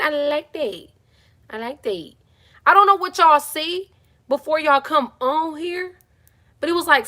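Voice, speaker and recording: A woman hosting a casual live Q&A stream from a phone in a small home closet. She is chatty and animated, greets viewers by name and drops into soft muttered asides. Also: high-pitched.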